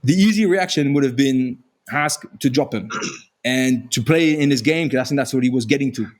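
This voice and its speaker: A man with a French accent, a former rugby player and podcast guest, telling self-deprecating stories in animated casual chat. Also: mid-range voice, moderate pace. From France. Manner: self-deprecating, animated storyteller with frequent restarts.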